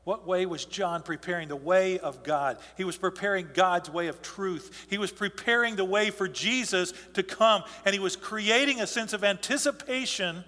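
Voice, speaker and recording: A man's voice: high-pitched, moderate pace, few pauses, pushed and bright, in a large hall. A man preaching a sermon as pastor, in a conversational storytelling way with asides and restarts.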